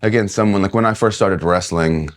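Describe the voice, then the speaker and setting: Male podcast guest from Kentucky, lower voice, excitable storyteller who restarts sentences. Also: brisk. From Kentucky, USA. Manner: animated, laughing, many restarts. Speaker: guest wrestler. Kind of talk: casual podcast interview storytelling.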